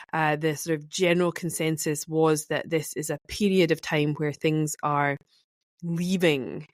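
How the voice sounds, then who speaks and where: Low-voiced Scottish woman hosting a podcast. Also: no echo, clean studio sound. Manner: warm, enthusiastic and chatty, with fillers. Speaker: podcast host. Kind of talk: solo podcast chat.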